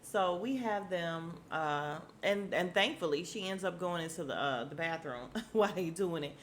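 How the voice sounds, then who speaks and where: Speaking at normal speed in a voice on the low side, a woman runs a podcast where she casually goes over a TV episode. She laughs a lot, uses slang, and acts out what the characters say, with slight hiss or hum audible.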